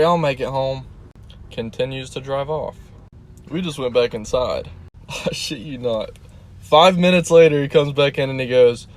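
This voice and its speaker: A man who works in a store, retelling a work story with amusement and animated quotes. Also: mid-range voice, measured pace. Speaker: store worker. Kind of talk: casual storytime to camera.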